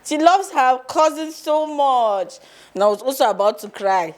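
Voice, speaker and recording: A woman hosting a casual interview, chatty and quick to fuss over her guests. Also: high voice. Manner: warm, apologetic, fussing over a guest.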